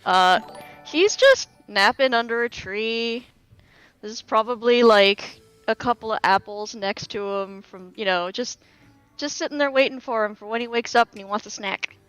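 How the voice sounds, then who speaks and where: A woman playing a tabletop game, describing her character in a relaxed, chatty way with lots of hedges. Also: on the high side, moderate pace, clean tone, no echo, faint music behind, rough recording. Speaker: player.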